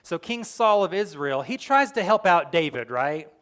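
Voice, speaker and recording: A young adult male pastor giving a sermon, telling the story with lively, acted-out quotes and earnest direct address. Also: sits high, normal speed, hardly any pauses. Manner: animated storytelling, acting out quoted lines.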